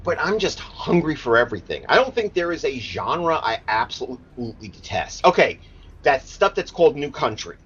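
Husky, lively, opinionated man. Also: medium pitch, normal speed. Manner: opinionated, swears freely, emphatic. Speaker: podcast co-host. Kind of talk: casual chat. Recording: dull lo-fi sound.

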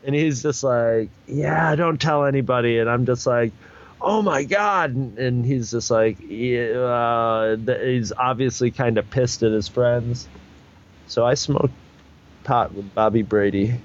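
Unhurried and with fairly even intonation, a mid-range-voiced man tells a long, casual anecdote as a guest, rambling, restarting often, using fillers, and acting out other people's lines in raised voices. The recording is muffled.

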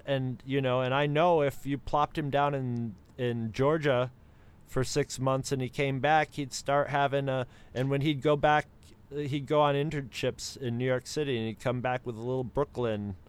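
Smooth-voiced American man chatting. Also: mid-range voice, fairly even intonation, a little slow. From United States. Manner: rambling, with many restarts and impressions of other accents. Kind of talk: casual chat.

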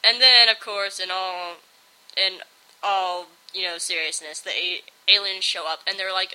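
A woman's voice: mid-range voice, a little slow, bright, forceful tone, clear, resonant tone, low-quality recording. A young woman giving a casual, bubbly review, rambling and filling her talk with "like". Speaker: video reviewer.

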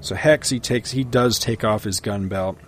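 A middle-aged man casually recapping a western comic book, telling it as a relaxed story with his own asides. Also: lowish voice, moderate pace, a little hiss or hum.

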